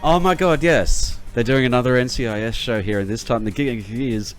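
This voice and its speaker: A man's voice: medium pitch, normal speed, few pauses, soft background music. An Australian man streaming a video game, who rants and swears constantly in casual commentary.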